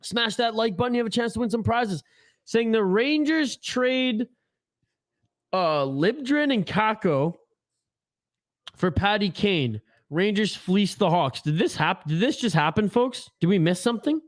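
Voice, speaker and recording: A man's voice: high voice, expressive, measured pace. A man hosting a live hockey watch-along stream, giving casual play-by-play and joking and swearing while reading chat aloud. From Canada.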